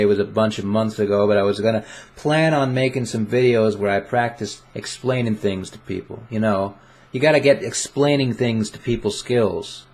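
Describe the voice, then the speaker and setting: A man's voice: on the low side, a little mellow. A young man vlogging casually into a desk condenser microphone in front of his webcam, playful and self-mocking, rambling with restarts. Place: home room with webcam. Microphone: desk condenser mic.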